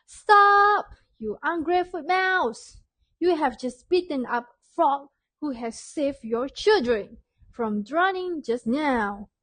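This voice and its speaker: A woman voicing a bold, protective male mouse deer in a storybook tale, shouting and scolding. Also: sits high, animated, slow pace, full character voice. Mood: indignant.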